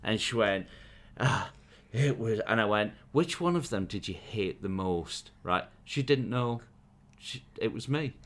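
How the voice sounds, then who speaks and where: A man's voice: lowish voice, animated, unhurried, a bit bright. A man, a podcast co-host and comedian, telling an anecdote with lots of laughter in casual chat.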